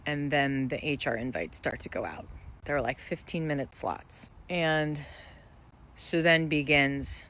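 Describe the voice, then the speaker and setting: A woman's voice: low-pitched, unhurried, fairly bright tone, slight background noise, rough recording. A young woman candidly vlogging about being laid off, frank and wry, swearing freely. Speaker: laid-off office worker vlogging. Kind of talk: candid confessional vlog.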